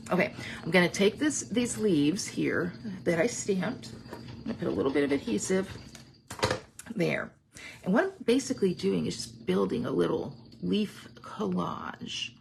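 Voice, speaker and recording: A woman's voice: medium pitch, expressive, unhurried, vocal fry, a little hiss or hum. A woman demonstrating card-making at home in a chatty, playful, exaggerating way. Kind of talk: casual crafting tutorial. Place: home craft room.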